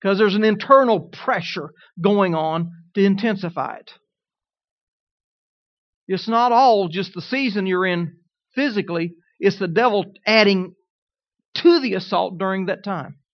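Animated preacher man, muffled sound. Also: high voice, unhurried, dry recording. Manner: animated, humorous storytelling with rising emphasis. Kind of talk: sermon.

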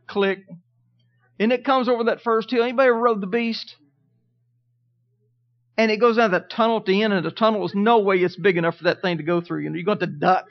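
A man's voice: high voice, creaky. A middle-aged man preaching a sermon, telling stories and calling for amens from the congregation. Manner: storytelling preacher, calls out "Amen?" to the congregation. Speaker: pastor. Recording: dull lo-fi sermon recording.

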